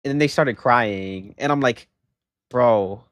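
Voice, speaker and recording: A young man chatting casually on a livestream, telling a story in an animated way and rising into loud exasperation. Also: mid-range voice, moderate pace, dry recording, clean studio sound. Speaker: live streamer.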